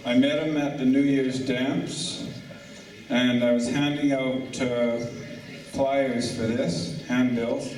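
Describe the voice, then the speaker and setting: A man's voice: mid-range voice, flat delivery, takes it slowly, a little mellow. An older man emceeing a lunch event, rambling and stumbling, then correcting himself. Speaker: master of ceremonies. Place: banquet hall at a lunch event. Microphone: far room recording. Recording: echoey hall from far off.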